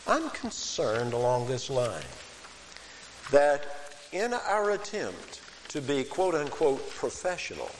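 A man preaching an expository sermon, emphatic and pressing, jumping up in pitch on key words. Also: sing-song, unhurried. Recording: hall reverb with faint hiss.

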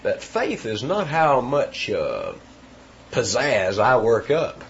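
A man's voice: mid-range voice, wildly swooping pitch, slow pace, muffled recording, a little hiss or hum. A man preaching an expository sermon, teaching verse by verse with emphatic repetitions.

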